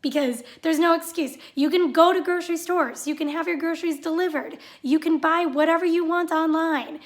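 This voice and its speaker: A high-voiced woman rants to her viewers in a vlog. She sounds sarcastic and fed up, and her delivery drips with mockery. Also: fairly even intonation, normal speed. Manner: sarcastic, exasperated. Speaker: vlogger. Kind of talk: ranting vlog monologue.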